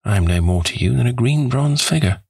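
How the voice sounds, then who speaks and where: A man reading a novel aloud, voicing a vain young man who despairs over losing his youth, in a pleading, husky voice. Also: medium pitch, animated, moderate pace, no echo, studio quality, pitched above the performer's own voice. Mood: anguished.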